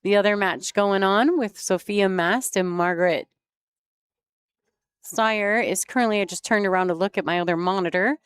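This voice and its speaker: A woman's voice: mid-range voice, moderate pace, clean tone, no room sound. A woman commentating a pool match in a chatty way, laughing easily and explaining the play. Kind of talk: sports commentary.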